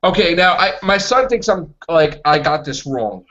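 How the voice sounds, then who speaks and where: Excitable high-pitched man stammering. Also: normal speed. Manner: excitable, stammering restarts, acts out quotes. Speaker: podcast host. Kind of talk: casual fan chat. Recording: dull lo-fi recording.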